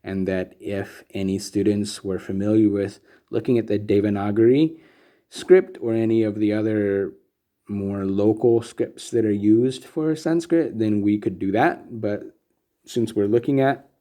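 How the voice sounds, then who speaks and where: Male teacher, low mellow voice, unhurried and methodical delivery with many pauses and ums. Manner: patient, methodical, frequent ums. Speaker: Sanskrit meter teacher. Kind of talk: slow recorded lesson.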